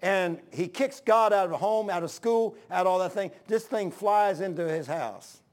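A man preaching a sermon, swinging between loud exhortation and low hushed asides. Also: moderate pace. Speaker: pastor.

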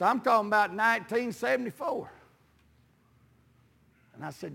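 An older man preaching a testimony sermon in folksy storytelling, sprinkling in amens and building to shouts. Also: high-pitched, lively intonation, moderate pace, vocal fry, pauses often, big-room sound. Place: church sanctuary.

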